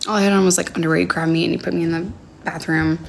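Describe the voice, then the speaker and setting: Halting, low-voiced young woman livestreaming. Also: fairly even intonation, vocal fry, a little hiss or hum. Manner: halting and hesitant, full of fillers, drops to a near whisper at times. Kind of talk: livestream storytelling. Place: home, indoors. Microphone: phone livestream.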